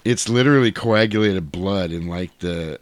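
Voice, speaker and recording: Low-voiced man chatting casually. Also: normal speed, no room sound. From United States. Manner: animated, laughs often, swears casually. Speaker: podcast host. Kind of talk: casual chat.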